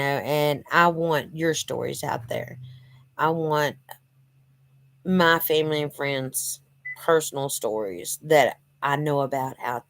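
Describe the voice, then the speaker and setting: A woman's voice: low voice, dry recording. A woman talking casually to her viewers from her living room, earnest and rambling with lots of fillers, a bit stuffy from allergies. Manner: rambling, many "you know" fillers, earnest. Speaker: channel host. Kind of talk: casual direct-to-camera vlog.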